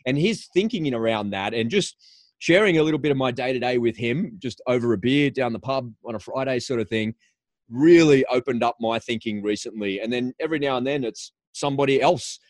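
A podcast host runs a casual conversational interview in a studio, telling stories enthusiastically and often repeating words while he gathers his thoughts. He has a brisk, mid-range voice, and the recording is dry.

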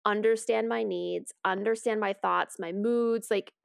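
A woman chatting casually on a podcast in a reflective, quick-talking way. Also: medium pitch, fairly even intonation, creaky, clean tone, no echo, clean studio sound. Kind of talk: casual chat.

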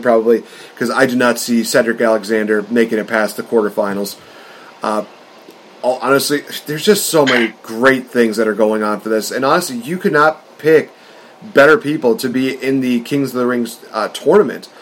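Man, podcast co-host, casual chat, mid-pitched voice, excitable fan energy. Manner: excitable, fast-talking fan rants.

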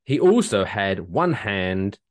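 Comedy podcast co-host, English man, wildly varied pitch, goofy storyteller. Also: takes it slowly. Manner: animated, slips into silly put-on voices.

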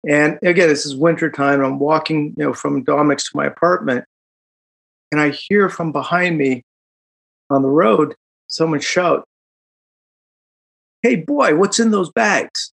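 A middle-aged man, recounting a personal story in an interview, animated and reflective, with quick laughs and fillers. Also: on the high side, vocal fry. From Chicago, United States. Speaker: guest.

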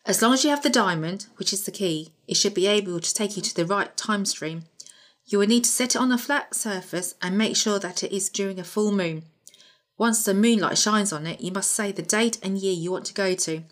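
A woman's voice: mid-range voice, brisk, close to an everyday voice. A woman reading aloud and voicing a solemn female scientist who has been turned into a goat.

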